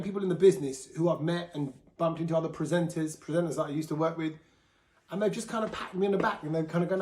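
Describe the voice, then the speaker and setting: A man's voice: high-pitched, lively intonation, quick pace, a little mellow, echoey room. A man hosting a podcast, talking openly and casually about himself, slipping into quoted voices. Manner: chatty, open, with quoted voices and laughs. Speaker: podcast host. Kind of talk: candid solo talk.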